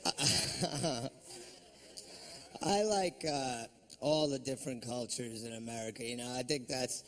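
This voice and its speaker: A man's voice: medium pitch, moderate pace, a little hiss or hum. A man doing a stand-up comedy routine on a club stage, ranting in a profane, sardonic way.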